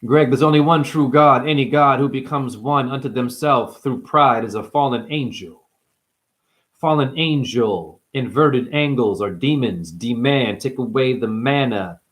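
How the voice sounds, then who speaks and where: A man delivering a rambling spiritual monologue, free-associating through wordplay and jumping between near-whispers and sudden loud outbursts. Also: medium pitch, unhurried. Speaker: spiritual speaker.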